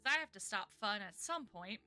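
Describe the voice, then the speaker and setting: Spielleiterin mit heller Stimme. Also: female voice, medium pitch, animated, fairly quick, sharp tone, soft background music. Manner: laughing, casual narration. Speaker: game master. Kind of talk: narrating a tabletop game.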